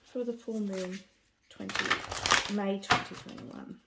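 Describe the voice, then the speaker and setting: A woman's voice: mid-range voice, fairly even intonation, unhurried, heavy background noise. A woman giving a spiritual card reading to camera. She talks with gushing enthusiasm and often trails off and restarts. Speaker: tarot card reader.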